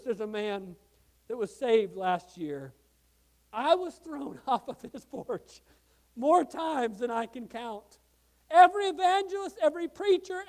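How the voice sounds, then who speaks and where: Impassioned preacher man, high voice. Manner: impassioned preaching, swings from hushed to loud. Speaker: pastor. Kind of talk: sermon.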